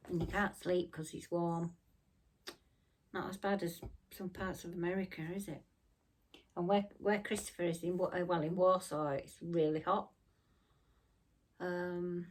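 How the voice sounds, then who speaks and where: A woman's voice: lowish voice, a little mellow. Chatty woman rambling on. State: tired, yawning. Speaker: crafting vlogger. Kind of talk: casual chatty vlog.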